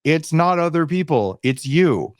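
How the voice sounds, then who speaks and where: A man's voice: a little slow, no echo, clean studio sound. A man in his fifties, a podcast guest, telling candid stories and acting out the voices in them. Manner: animated, acts out quotes and shifts pitch for emphasis. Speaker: podcast guest, biohacking author. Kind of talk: candid interview storytelling.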